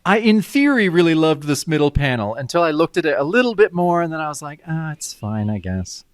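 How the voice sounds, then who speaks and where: Animated man chatting about comics. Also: fairly high pitch, fast, clear, resonant tone, no echo, clean studio sound. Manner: animated, acts out dialogue in character voices. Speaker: podcast co-host. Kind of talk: casual comic book review chat.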